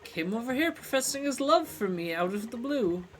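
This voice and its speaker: Guy reading as a snooty polite lady brushing off a suitor, bright voice. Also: very high-pitched, very animated, normal speed, faint music behind, voice pushed up, exaggerated voice. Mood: prim. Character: poised, haughty woman turning down a suitor.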